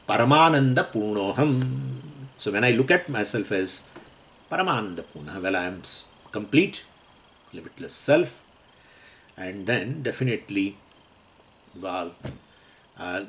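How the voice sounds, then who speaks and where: A man's voice: fairly low pitch, a bit bright. A middle-aged man teaching a scripture class, explaining Sanskrit terms in English and chuckling often as he talks.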